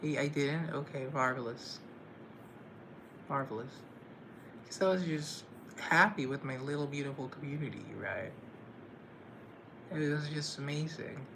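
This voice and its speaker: A man's voice: on the high side, unhurried, pauses often, background noise. A man chatting casually on a live stream, self-deprecating and playfully sarcastic.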